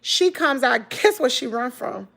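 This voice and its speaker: Her voice is high-pitched and gravelly, her pace measured, as this middle-aged Mississippi vlogger recounts an emotional personal story to her viewers. She speaks directly and with animated emphasis, calling them "girl" and "y'all."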